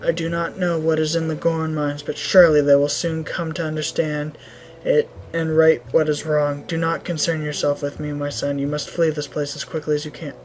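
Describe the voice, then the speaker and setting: Woman doing a solemn fatherly shaman, Italian-accented, low voice, game music behind. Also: little pitch movement, moderate pace, a little mellow, close to an everyday voice, poor audio. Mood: grave. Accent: Italian, put on. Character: solemn male village shaman, fatherly and grave.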